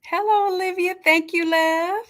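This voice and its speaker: A woman hosting a live stream from a home setup, chatting and greeting each viewer warmly by name. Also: extremely high pitch, steady tone, measured pace. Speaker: livestream host and design coach. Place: home setup with makeshift camera stand. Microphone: camera on a stand.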